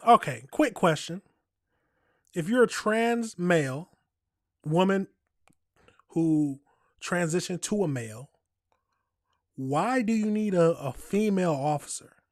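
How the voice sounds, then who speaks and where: A man's voice: high voice, animated, slow pace, pauses often, no room sound, studio quality. A man hosting a reaction video, commenting casually and bluntly to his viewers from a home setup. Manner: blunt, talks straight to viewers. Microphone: USB desk microphone.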